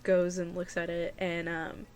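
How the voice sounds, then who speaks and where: A woman running a tabletop game as game master, narrating casually with many fillers and pauses. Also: lowish voice, monotone, clear, resonant tone, soft background music.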